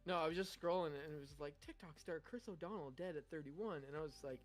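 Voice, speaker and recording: A co-host chatting casually on a livestream, talking quickly and swearing casually. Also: mid-range voice, soft background music. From Canada.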